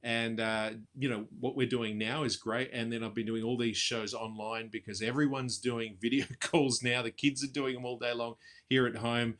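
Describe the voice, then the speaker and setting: Male impersonator, chatty interview guest on a video call, bright tone. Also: medium pitch, flat delivery. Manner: chatty, quick laughs, drops into voices. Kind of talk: casual interview chat.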